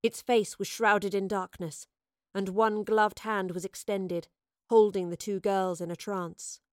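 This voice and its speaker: A woman narrates a fantasy audiobook with expressive, dramatic delivery. Her voice sits at a middle pitch. The recording is close and completely dry, with no room sound. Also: unhurried, no echo.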